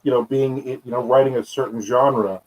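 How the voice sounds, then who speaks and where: An easygoing male co-host asks questions in a casual video-call interview. His voice is plain, at a middle pitch, and his manner is relaxed and a little wry. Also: normal speed, poor audio.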